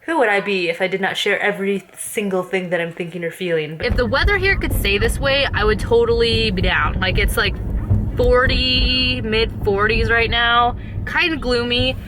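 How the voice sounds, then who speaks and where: A young woman vlogging at home, talking in a rambling, chatty way and slipping into a high baby voice for her puppy. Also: moderate pace, background noise. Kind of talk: casual vlog chat.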